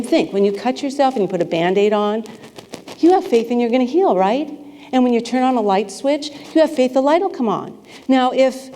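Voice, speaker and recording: Woman, minister, conversational sermon, playful, questions to congregation, mellow voice, long hall reverb. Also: on the high side, slight background noise. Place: spiritual center sanctuary with a congregation.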